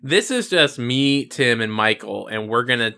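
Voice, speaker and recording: A man co-host on a relaxed podcast, cracking dry jokes among friends. His voice is mid-pitched with a bright ring. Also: normal speed, vocal fry. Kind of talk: casual podcast chat.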